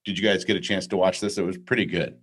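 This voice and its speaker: A man's voice: low voice, steady tone, fast, fairly bright tone, husky. A man hosting a podcast in casual chat, laid-back and laughing at his own jokes. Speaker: podcast host.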